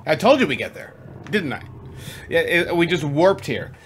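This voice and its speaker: A man's voice: a little high, very animated, normal speed, a bit bright, a little hiss or hum. A man giving casual playthrough commentary, chatty and self-deprecating, laughing at his own slips. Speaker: gaming channel host. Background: game music.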